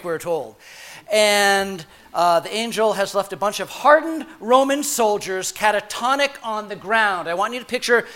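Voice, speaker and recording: A man preaching a sermon in an animated, playful way, full of humorous asides and quick restarts. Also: high-pitched.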